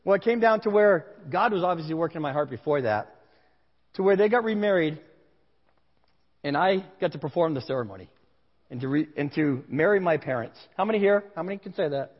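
A man's voice: fairly high pitch, lively intonation, brisk, husky. A male pastor giving a sermon to a congregation, telling a candid personal story in a conversational way. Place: large room with a congregation. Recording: dull sound with long hall reverb.

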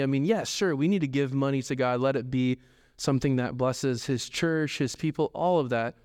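A man in his thirties preaching a sermon as pastor, animated, jumping up in pitch when he acts out quoted voices. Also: normal speed, long reverb tail.

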